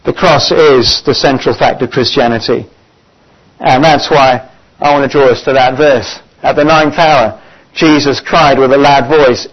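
A man preaching a sermon, earnest and often pausing on "uh" as he gathers his thoughts. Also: medium pitch, steady tone. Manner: earnest, pausing with frequent "uh" fillers. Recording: dull lo-fi recording.

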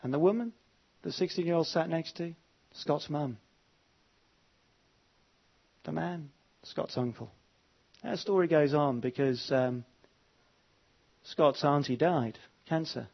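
A man's voice: fairly high pitch, slow, gravelly, long pauses, husky. A man preaches a sermon in a slightly raised voice, pressing his points with repetition and stopping for fillers. The recording is dull and lo-fi, like a church tape. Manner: emphatic, repeats words, many fillers. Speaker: pastor. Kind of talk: evening sermon.

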